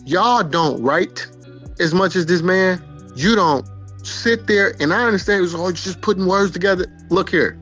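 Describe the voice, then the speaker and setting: A male rapper talks in an interview, pressing his points over and over and dropping curses. His voice sits a touch high. Faint music runs behind him. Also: normal speed, a bit bright, dull audio. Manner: emphatic, repeats himself, swears. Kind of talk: emphatic interview talk.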